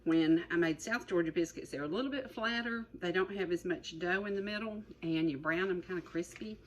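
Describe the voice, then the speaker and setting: A woman's voice: on the low side, brisk, a little hiss or hum, low-quality recording. A middle-aged woman hosting a cooking show, chatty and rambling, repeating her words as she demonstrates. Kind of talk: folksy cooking demonstration chat.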